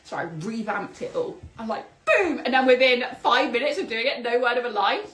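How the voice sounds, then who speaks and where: Animated woman in a roomy echo. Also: a little high, a little fast. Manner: animated, exclamatory, spiritual vocabulary. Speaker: podcast host. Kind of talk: solo podcast storytelling.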